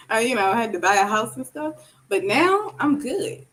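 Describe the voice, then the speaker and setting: Woman, livestream guest, casual chat, high voice, slow, encouraging. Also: slightly rough, rough recording.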